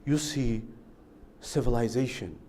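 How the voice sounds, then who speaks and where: A man giving a sermon, telling a story with big rises and drops in pitch and volume and acting out voices of people in it. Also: unhurried, slight background noise. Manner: acts out dialogue in an excited raised voice. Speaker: speaker at a religious gathering.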